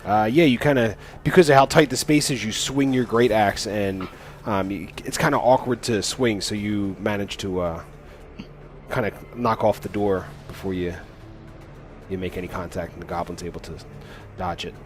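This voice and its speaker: A man's voice: fairly low pitch, moderate pace, faint music behind. Casual man running a tabletop game. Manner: casual, hesitant with many fillers. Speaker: dungeon master.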